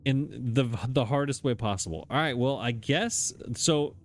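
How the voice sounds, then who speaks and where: A man's voice: mid-range voice, a little slow. A man hosting a let's play, talking casually into his desk microphone as he thinks aloud, hesitating and chuckling at himself. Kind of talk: casual gameplay commentary.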